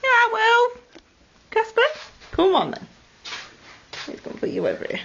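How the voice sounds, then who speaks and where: A woman's voice: very high-pitched, wildly swooping pitch, a little slow, vocal fry, fairly bright tone, a little hiss or hum. A woman doting on her pet parrots at home in playful, coaxing baby talk, heard through dull lo-fi home video sound. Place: living room at home with perched parrots.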